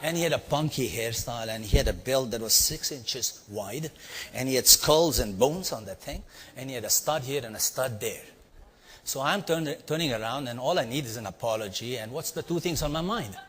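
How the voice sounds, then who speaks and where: A man from India with an Indian accent, telling a story to a live audience and quizzing them with quick asides. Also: mid-range voice, husky. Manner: animated, quizzing the audience with "yeah?" and "right?". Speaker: leadership speaker. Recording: long hall reverb.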